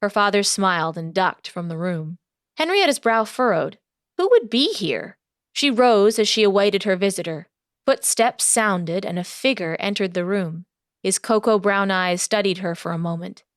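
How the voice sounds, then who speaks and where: A woman narrating a historical novel audiobook in a steady storytelling voice. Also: medium pitch, normal speed, clean tone, dry recording, clean studio sound.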